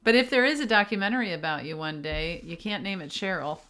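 A woman co-hosting a podcast in casual chat, teasing in a dry, deadpan way. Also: on the low side, fast. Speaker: podcast co-host.

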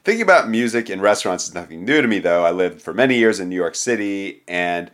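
A man's voice: sits low, expressive, quick pace, a bit bright. A man co-hosting a casual podcast, talking in a loose, rambling way with casual swearing. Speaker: podcast co-host.

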